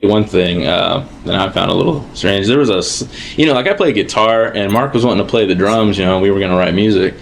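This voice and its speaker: A man with a gravelly, somewhat low voice casually recalls past events for a documentary. He uses frequent fillers, and faint ambient noise sits behind him. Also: a little fast. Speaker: interviewee recalling a friend. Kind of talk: documentary interview.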